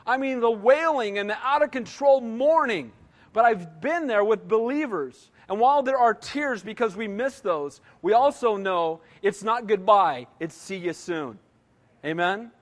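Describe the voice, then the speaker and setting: Pastor in his 60s, very high voice, emphatic sermon, long hall reverb. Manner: emphatic preaching, repeatedly asking "Amen?".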